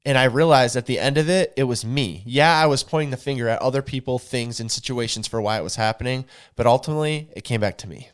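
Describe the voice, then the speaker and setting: A man speaking on a podcast in an earnest, preachy way. His voice sits at an average pitch for a man, and he often turns straight to his listeners with a "y'all.". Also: fast talker, few pauses, clear, resonant tone. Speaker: podcast co-host. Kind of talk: candid podcast conversation.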